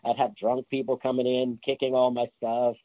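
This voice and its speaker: A man's voice: mid-range voice, normal speed, dry recording. A man telling stories about his years as a street performer in a casual interview, laughing as he goes. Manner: animated, laughs through his anecdotes. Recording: tinny phone-like line, dry.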